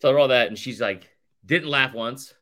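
A man's voice: mid-range voice, moderate pace, fairly bright tone. A male podcast co-host telling a rambling, sarcastic story in casual chat, saying "like" constantly. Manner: rambling, sarcastic, heavy use of "like".

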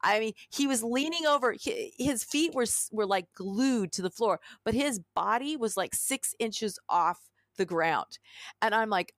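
A middle-aged woman co-hosting a podcast, chatting casually and telling an animated story while acting out the quotes. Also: mid-range voice, measured pace, dry recording, clean studio sound. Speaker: podcast co-host. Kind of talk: casual chat.

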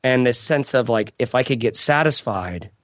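A man's voice: medium pitch, lively intonation, moderate pace, no room sound, clean studio sound. A man talking casually on a podcast, rambling and reflective, laughing often as he tells stories.

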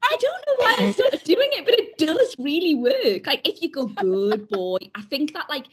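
A woman's voice: high voice, big pitch swings, normal speed. A woman co-hosting a casual podcast chat over a call, telling stories with giggles and acted-out quotes. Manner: chatty, giggly, acts out voices in quotes. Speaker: podcast co-host. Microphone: remote call.

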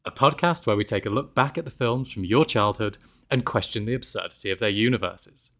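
In his apartment in Mexico, a man hosts a podcast in a casual chat, laughing a lot and making fun of himself. His voice is on the low side and fairly bright, and he talks fairly quickly.

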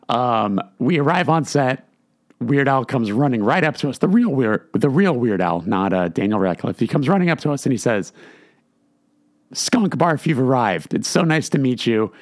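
A man's voice: mid-range voice, no echo, studio quality. A man hosting a podcast, telling a story in a casual, chatty way with many fillers. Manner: chatty, many fillers, quotes others in lively voices. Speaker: podcast host.

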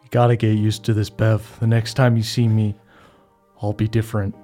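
A man voicing a weary middle-aged father who has sold himself to dark powers, speaking in a solemn, resigned, halting way. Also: lowish voice, little pitch movement, soft background music, close to an everyday voice.

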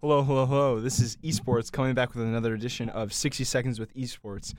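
A man's voice: mid-range voice, steady tone, over music. Upbeat young man reading sports news. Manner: upbeat, reading briskly with wry asides. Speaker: sports news segment host. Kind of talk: scripted news roundup on a podcast.

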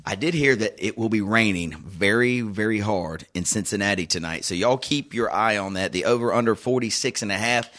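A man hosting a casual sports betting chat, telling stories with excitable, animated bursts. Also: fairly low pitch, fairly quick, few pauses. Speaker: sports betting show host.

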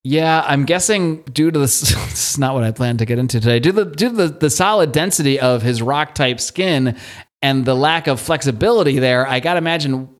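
A man's voice: mid-range voice, brisk. A young adult man hosting a podcast, talking casually, rambling and laughing between thoughts. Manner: rambling, laughs often, restarts a lot. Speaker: podcast host. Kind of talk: casual chat.

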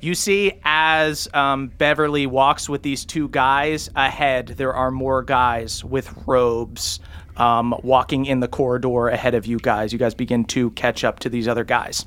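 A man as game master, narrating a tabletop game in a relaxed, descriptive way. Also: mid-range voice, unhurried, clean tone.

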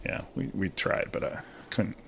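A man's voice: normal speed, a bit bright, slight background noise. A man co-hosting a podcast, chatting casually, reading questions aloud and cracking crude jokes. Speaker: podcast co-host. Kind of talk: casual chat over cocktails.

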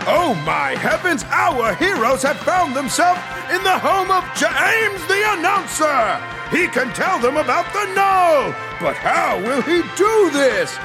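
Casting: man as a hammy announcer, very high and lively, slow grand delivery, comedy audio drama. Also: heavily acted. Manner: grandiose, theatrical announcing with mock gravity.

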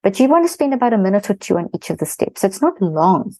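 A middle-aged woman, a guest expert in an interview, explaining a parenting method in fast-flowing, animated talk. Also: mid-range voice, no echo, poor audio.

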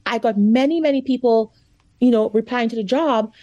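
A woman's voice: fairly high pitch, normal speed, darkish tone, no room sound. A woman guest author telling a personal story in an interview, chatty and full of "like" and "you know", getting emotional. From America. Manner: chatty, lots of "like" and "you know", gets choked up.

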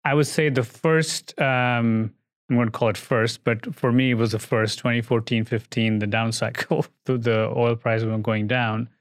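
A man in a business interview, weighing each point out loud and often circling back to rephrase. His voice sounds close and dry, with no room around it. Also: mid-range voice, steady tone, moderate pace, no echo. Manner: thoughtful, hedging, frequent fillers and restarts. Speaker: guest, oil industry executive.

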